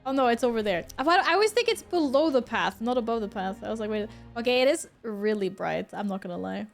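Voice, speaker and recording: Chatty streamer woman with a bright voice. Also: on the high side, expressive, fast talker, creaky, soft background music. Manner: chatty, laughs often, swears. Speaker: game streamer. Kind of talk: casual gameplay commentary.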